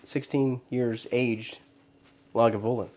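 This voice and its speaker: A man's voice: mid-range voice, fairly even intonation, takes it slowly, darkish tone. A man co-hosting a casual podcast, teasing his partner with dry banter. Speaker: podcast co-host. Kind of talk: casual chat.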